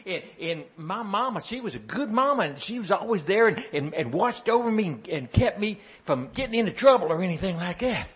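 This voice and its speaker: A man's voice: high voice, sing-song, a little fast, hardly any pauses, fairly bright tone, husky. A man telling a folksy, playful story and chatting with his listeners with questions.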